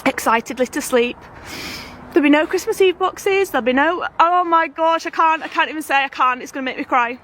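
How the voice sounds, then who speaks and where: A woman's voice: high voice, brisk, fairly bright tone, slight background noise. A woman with a British accent, a family vlogger chatting to her camera in a gushing, emotional, rambling way. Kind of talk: casual vlog chat.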